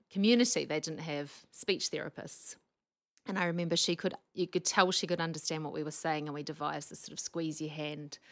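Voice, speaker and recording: A woman, a speech pathologist guest, telling lively anecdotes and laughing often. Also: low-pitched. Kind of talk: casual storytelling chat.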